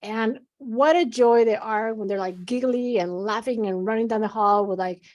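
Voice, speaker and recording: A woman's voice: on the high side, normal speed, muffled recording. A middle-aged woman, a physician guest, speaking earnestly and animatedly in a conversational interview.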